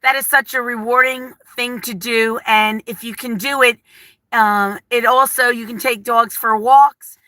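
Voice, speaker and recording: A woman hosting a casual livestream, rambling warmly and openly nervous as she reads viewer comments aloud. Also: a little high, steady tone, a little slow, dry recording. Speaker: livestream vlogger. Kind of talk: casual live-chat talk.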